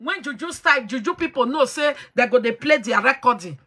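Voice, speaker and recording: A woman's voice: high-pitched, animated, a little fast, bright, forceful tone. A woman hosting a talk show, lecturing her listeners in an emphatic, preachy way and slipping into pidgin. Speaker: host.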